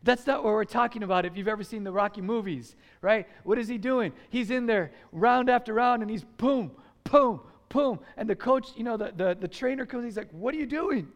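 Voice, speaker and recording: A man from the United States preaching a sermon to a congregation, animated and urging them to call back responses. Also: sits high, fairly quick, hardly any pauses, in a large hall. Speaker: pastor. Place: church sanctuary.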